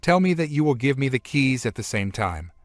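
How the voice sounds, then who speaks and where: A man's voice: mid-range voice, sing-song, fairly quick, no echo, lightly acted. A man voicing a thuggish man who threatens a family, speaking bluntly and with menace. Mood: threatening.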